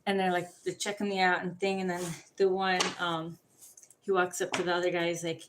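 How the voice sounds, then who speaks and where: A woman ranting casually to the camera, profane and rambling, telling animated stories. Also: fairly low pitch, brisk, noisy background.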